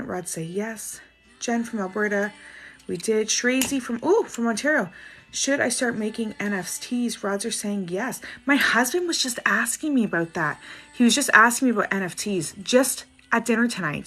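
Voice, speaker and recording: A Canadian woman reading viewer questions on a livestream and giving quick answers, with soft apologetic asides. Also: a little high. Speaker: spiritual reader doing live dowsing rod answers.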